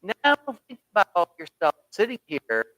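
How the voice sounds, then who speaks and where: New guy teaching bible study, bright voice, kinda high, lots of "you know" and "right?" asides. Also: wildly swooping pitch, measured pace, no room sound, rough recording. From New York. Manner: conversational, folksy asides and rhetorical questions. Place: church Bible study room. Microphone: computer streaming the class.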